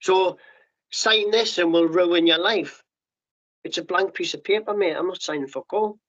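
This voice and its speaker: A middle-aged man with a slightly high voice tells a hard story in blunt, sweary bursts, often restarting and acting out what others said. The podcast audio is muffled and lo-fi. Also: moderate pace, a bit bright. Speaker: podcast guest, former paratrooper. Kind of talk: candid storytelling interview.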